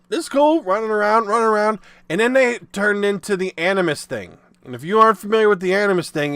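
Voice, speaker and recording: A man ranting profanely about video games, exasperated and bursting into shouts. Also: high-pitched, no room sound. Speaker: video game commentator. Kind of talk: ranting commentary.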